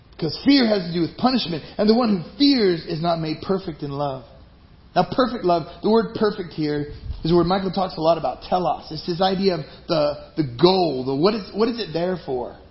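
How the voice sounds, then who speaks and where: A man's voice: sits high, expressive, fairly quick. A man preaching a sermon as pastor, emphatic and conversational. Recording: dull lo-fi recording.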